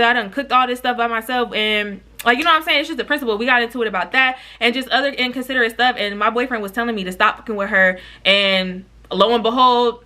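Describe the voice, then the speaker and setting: A young woman telling a storytime vlog in a casual, animated, frank way, full of slang and cursing, speaking straight to her viewers. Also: fairly high pitch. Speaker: YouTuber.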